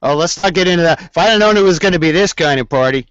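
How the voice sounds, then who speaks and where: A male voice actor with a high voice chats in a jokey, animated way. He speaks from a tiny closet over a video call. The sound is dry and dull. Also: very fast, hardly any pauses, smooth, no room sound. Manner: jokey, animated, with laughs and restarts. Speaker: voice actor guest. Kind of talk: casual interview chat. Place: small closet.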